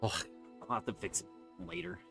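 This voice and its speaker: Streaming a game from his unfinished basement, a man chats casually, laughing often and making jokes at his own expense. His medium-pitched voice is animated and creaky, at normal speed, heard over music.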